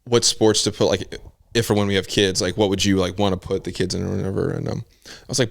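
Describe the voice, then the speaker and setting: Gravelly low-voiced male podcast host. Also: flat delivery, fast, dry recording. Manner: crude, blunt jokes and profanity. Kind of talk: casual chat.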